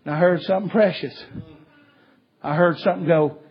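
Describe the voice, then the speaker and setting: Preacher guy, high husky voice, goes from hushed to shouting, dull lo-fi recording. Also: fairly quick. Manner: swings from hushed to shouting, folksy. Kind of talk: sermon storytelling.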